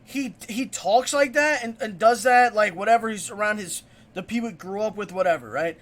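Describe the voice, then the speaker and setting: A man's voice: high-pitched, moderate pace, fairly bright tone. A man streaming a reaction video, ranting casually, heated and profane.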